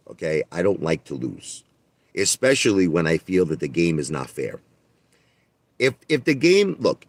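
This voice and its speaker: Livestream host, man, very low voice, dry close sound, defensive repetitive ranter. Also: no echo. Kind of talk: ranting livestream monologue.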